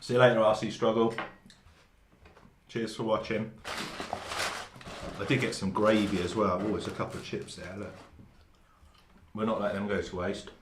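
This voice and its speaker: A lowish, flat-sounding man chats at a normal speed with frequent pauses on his hobby live stream, joking and laughing as he eats. Without a lav mic, a room mic captures him in an echoey room with faint noise behind.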